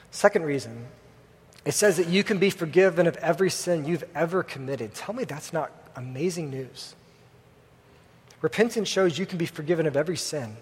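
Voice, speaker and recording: A man's voice: fairly high pitch, slightly rough. A young man preaching a sermon in a church, telling a story casually with many fillers. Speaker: pastor. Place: church hall with congregation. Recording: long hall reverb.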